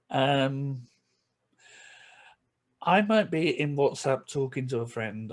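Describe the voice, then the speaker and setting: A man with a Yorkshire accent, chatting casually in a reaction video and explaining things with everyday examples. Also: medium pitch. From Yorkshire, England. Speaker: vlogger.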